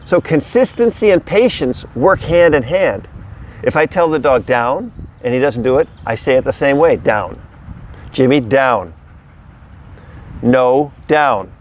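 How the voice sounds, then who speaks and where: A man's voice: on the high side, animated, normal speed, slight background noise. Emphatic middle-aged male dog trainer. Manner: emphatic, repetitive coaching delivery. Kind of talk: casual instructional talk to camera. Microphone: camera held by another person.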